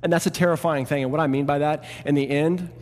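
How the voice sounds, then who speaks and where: A male pastor preaching a sermon, swinging between loud emphatic peaks and quieter asides. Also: on the high side, fairly even intonation, fast. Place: church hall. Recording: reverberant church hall.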